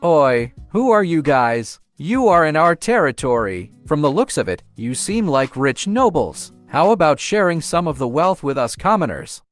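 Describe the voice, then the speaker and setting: A man's voice: a little high, sing-song, moderate pace, hardly any pauses, soft background music. A man voicing a rude, pushy young bandit thug in a story recap.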